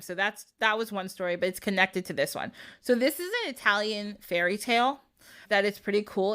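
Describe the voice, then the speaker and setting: A woman podcast host with a bright, clear tone tells a story in a relaxed, playful way. She laughs often and slips in loose voices for the characters without ever fully changing her own. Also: medium pitch. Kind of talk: casual storytelling.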